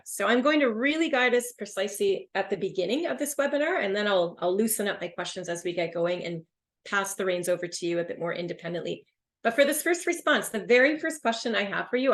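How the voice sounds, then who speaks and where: Female instructor, webinar lesson, upbeat and emphatic delivery. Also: medium pitch. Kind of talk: online lesson.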